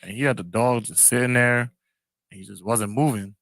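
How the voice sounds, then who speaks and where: A man's voice: mid-range voice, normal speed, fairly bright tone, no echo. A man co-hosting a podcast in laid-back casual chat, reading facts aloud and telling stories. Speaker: podcast co-host.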